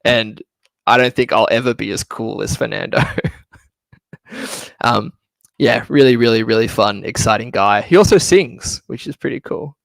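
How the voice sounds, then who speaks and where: Man with a creaky voice. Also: medium pitch, moderate pace, pauses often, a bit bright, dry recording. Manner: casual, chatty, laughs often. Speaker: travel presenter. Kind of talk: online slideshow talk. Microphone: computer mic for an online session.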